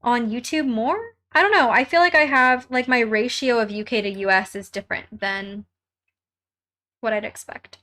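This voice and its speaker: A woman's voice: fairly high pitch, normal speed, sharp tone. A young woman hosting a casual live stream from home while crafting, chatting with viewers and reading their comments aloud in a bubbly way, laughing often.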